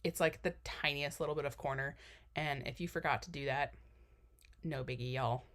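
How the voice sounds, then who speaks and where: A young woman with a low-pitched voice and a drawl talks through a cookie decorating tutorial in a relaxed voiceover. She rambles cheerfully, trails off into fillers and pokes fun at herself as she goes. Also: a little fast. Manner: chatty, rambling, self-deprecating, many fillers. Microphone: voiceover mic.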